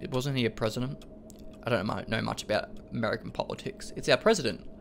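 A young man giving excitable, jokey commentary as he plays a video game, often laughing. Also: medium pitch, fast, creaky, slight background noise. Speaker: let's play host. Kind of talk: gaming commentary.

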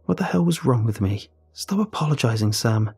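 A man calmly narrating a first-person horror story in a measured, storytelling way. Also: medium pitch, creaky, breathy edge.

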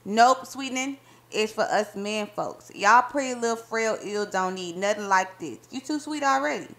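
A woman's voice: medium pitch, moderate pace, a bit bright, natural voice. A woman reading aloud as a boastful young husband, bantering playfully in folksy dialect. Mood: teasing.

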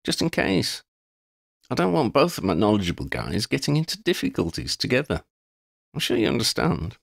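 Man playing a young witch leader, reassuring, decisive, lively intonation, dry close sound. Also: medium pitch, normal speed, creaky, no room sound, pitched above the performer's own voice, exaggerated voice. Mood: firm, reassuring. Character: young witch leading a group, calm, firm, kind.

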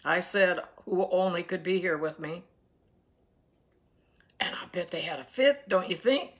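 A woman's voice: fairly low pitch, lively intonation. A woman giving a devotional Bible reading with commentary, earnest and emphatic, often asking her listeners rhetorical questions. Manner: reads scripture slowly with emphasis. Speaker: daily Bible reader and teacher.

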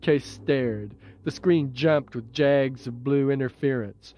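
A man reading his own novel as an audiobook in a measured, even way, heard as dull old tape. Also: medium pitch. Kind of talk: audiobook narration.

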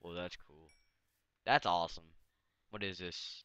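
A man's voice: sits low, a little slow, pauses often, slight background noise. Tired young man narrating a game. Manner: tired, mumbling, swings to excited outbursts. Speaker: gaming channel host. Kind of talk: casual let's-play commentary.

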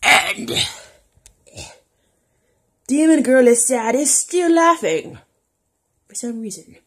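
Young woman, casual vlog, husky voice, very lively pitch, erratic mutters and shouts, webcam audio. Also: slow pace. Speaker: vlogger.

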